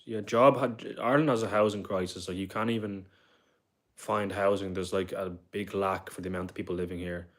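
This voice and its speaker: A young man in his twenties hosts a casual livestream with a somewhat low voice. He rambles, reads viewer comments aloud and answers them one by one. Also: steady tone, brisk.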